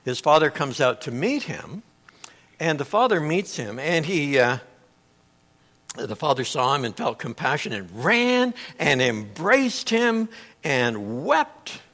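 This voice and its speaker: A middle-aged male pastor delivers a sermon in a bright, forceful voice that sits high for a man. His pitch leaps around as he tells the story, and he swings between loud outbursts and near-hushed asides. The delivery is lively and conversational. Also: takes it slowly. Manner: animated storytelling, acting out quotes with big swings in volume.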